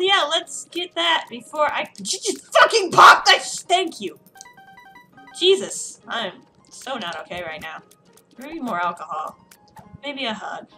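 A tipsy woman playing a video game, cursing and grumbling at it in casual commentary. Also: sits high. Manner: profane, exasperated, yelling at the game. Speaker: let's play gamer.

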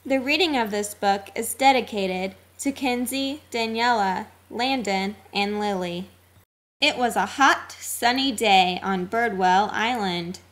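A woman reading a children's storybook aloud, expressive and sing-song. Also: medium pitch, slow pace. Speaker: narrator.

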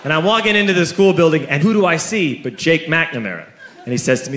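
A man in his thirties telling a stand-up story to a live audience, animated and bursting into fast excited stretches. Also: a little high. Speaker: stand-up comedian. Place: comedy stage before a live audience. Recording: echoey live stage recording with laughing crowd.

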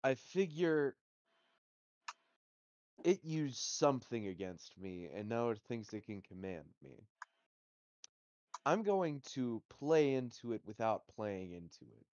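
Measured man on a dull, dry mic. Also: mid-range voice, big pitch swings, a little mellow, dry recording. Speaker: player. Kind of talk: casual tabletop play.

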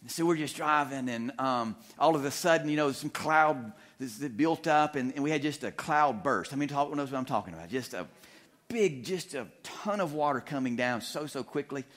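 A male pastor telling a humorous story in a sermon, animated and full of restarts. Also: medium pitch, moderate pace. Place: church sanctuary.

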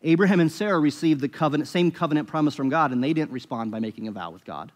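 A fairly high-voiced male pastor delivers a sermon in a conversational way, often rising with emphasis and restarting his phrases. His voice rings out with the long reverb of a church hall. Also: animated, quick pace. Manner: conversational preaching with emphatic rises and frequent restarts. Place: church sanctuary.

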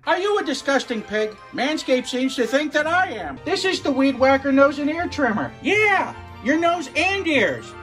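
A man in his thirties hosting a comedic cooking video, talking in a sardonic, deadpan, ranting way. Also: extremely high pitch, moderate pace, few pauses, faint music behind. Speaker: cooking show host.

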